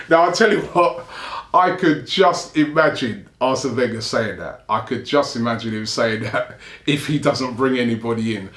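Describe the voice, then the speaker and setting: A man's voice: mid-range voice, unhurried, fairly bright tone. A man hosting a fan channel show, chatting casually as he reads out viewer comments and often chuckles between remarks. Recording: roomy echo.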